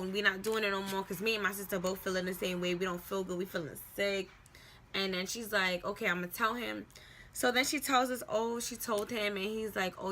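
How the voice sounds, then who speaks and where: A young woman telling a casual storytime vlog, animated and slangy, acting out quoted voices. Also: medium pitch, a little hiss or hum. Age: young adult.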